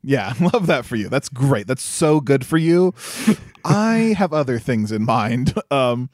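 A man's voice: medium pitch, big pitch swings, unhurried, a little mellow, no echo, clean studio sound. A man co-hosting a podcast, casually recapping a movie, laughing often, swearing and acting out the characters' lines. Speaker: podcast co-host.

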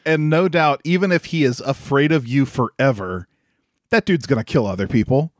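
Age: adult. Role: chatty podcast co-host, laughs often. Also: male voice, mid-range voice, normal speed, no echo, clean studio sound. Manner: animated, laughs often, many "like" fillers. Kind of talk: casual chat.

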